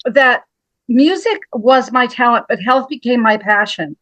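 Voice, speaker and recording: A woman's voice: a little high, measured pace, fairly bright tone, dry recording, poor audio. A woman in her seventies from Montana, a health practitioner telling her story as an interview guest, dramatic and emphatic, often calling the host by name. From Montana, USA.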